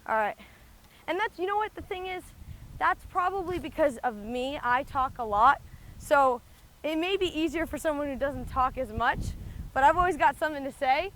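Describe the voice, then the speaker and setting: A golf vlogger walks through her shots outdoors on a windy course, casual and breathless, musing aloud with plenty of "likes" and restarts. Her high-pitched voice is expressive and a bit bright at a normal speed. There's a little hiss or hum in the recording.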